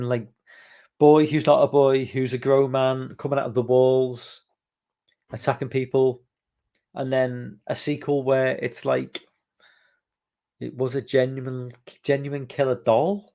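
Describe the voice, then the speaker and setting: In a slightly mellow, medium-pitched voice, a male podcaster drifts casually through a live stream. He reads viewer comments aloud, swears freely, and fills his speech with lots of fillers.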